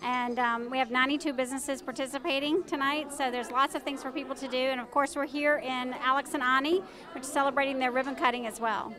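On a busy downtown street at night, a woman with a high-pitched voice speaks fast in a steady tone over music. She's organizing a downtown shopping event and answers an on-the-street interview informatively, with lots of ums and other fillers.

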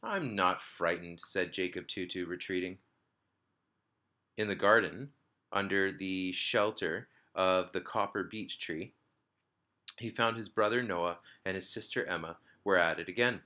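Man, teacher, reading a children's book aloud, lively storytelling, low pitch, bright tone. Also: measured pace. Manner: lively storytelling, small slips and restarts. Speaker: teacher reading to his class.

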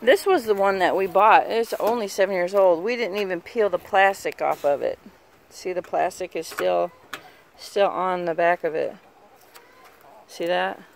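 Slow-talking homey woman, outdoors. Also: lowish voice, vocal fry, slight background noise. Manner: chatty and homey, laughs often, coos at the hens in a sing-song voice. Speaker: vlogger filming her backyard chickens. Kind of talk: casual chat while filming. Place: outdoors in a backyard by a chicken coop. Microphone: handheld phone camera. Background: faint clucking chickens.

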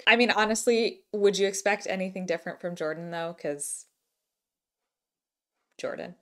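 A woman's voice: mid-range voice, moderate pace. A woman doctor giving casual, explanatory commentary while reacting to a TV episode, chatty and laughing along.

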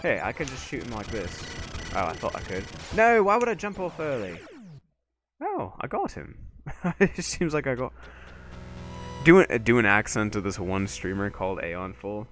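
A man streaming a video game live, excitably talking himself through boss fights and swearing often. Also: fairly low pitch, moderate pace, faint music behind. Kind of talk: live gameplay commentary.

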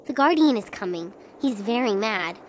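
A woman's voice: mid-range voice, expressive, moderate pace, slight background noise, lightly acted. A woman voicing a little girl in a video game who earnestly warns of a dangerous guardian. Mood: warning. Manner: earnest, childlike pleading.

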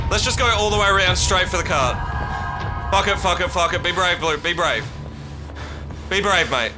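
A man streaming a horror game live, swearing a lot and yelling in panic between muttered asides. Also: high-pitched, lively intonation, normal speed, long pauses, music in the background. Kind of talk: live horror gameplay commentary. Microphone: streaming mic.

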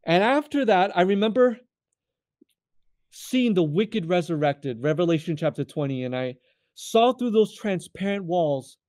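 A young man from California telling his faith testimony as an interview guest, animated and acting out the voices of the people in his story. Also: high voice, measured pace, no echo, studio quality. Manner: animated, acts out quoted voices, addresses the host by name often.

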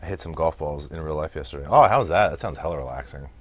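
A deep-voiced American man talks through a wrestling game on his stream in an easygoing, chatty way. He laughs a lot and swears freely as he answers the chat. The recording sounds like a desk mic at a gaming setup. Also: expressive, quick pace, no room sound. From United States. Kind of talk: casual let's-play commentary while reading chat.

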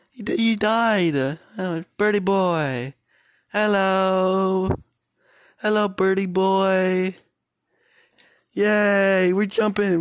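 A young man narrates his game in playful bursts, shouting and exclaiming at what happens on screen. His voice sits a little high for a man. The sound is dry and close, with no room around it. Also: no echo. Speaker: gaming YouTuber. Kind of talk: excited gaming commentary.

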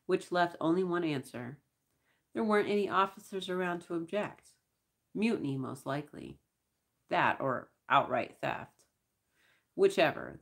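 A woman reading a science-fiction novel aloud in first-person narration, measured and wry. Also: low-pitched, creaky. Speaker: audiobook reader.

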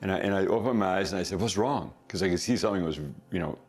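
Middle-aged guy, deep voice, chatty storytelling, laughs a lot as he goes. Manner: chuckles often, quick asides. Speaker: podcast guest. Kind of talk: casual storytelling.

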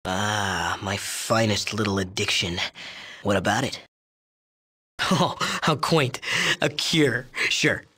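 A man's voice: lowish voice, slow pace, pauses often, bright, forceful tone, slightly rough, full character voice. An actor playing an arrogant, crude young male drug chemist in a video game, boastful and mocking. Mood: sneering. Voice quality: sneering, profane. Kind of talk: game dialogue.

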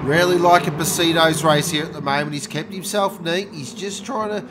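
A man commentating a sim race, joking and bursting out loud at each incident. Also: a little high, steady tone, moderate pace. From Australia. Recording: noisy with engine sound behind.

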